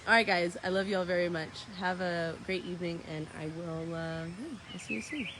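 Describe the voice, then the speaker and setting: A woman's voice: lowish voice, fairly quick, noisy background. Chatty woman vlogging outdoors. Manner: chatty, spiritual, playfully talks to dogs. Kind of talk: casual vlog chat to viewers.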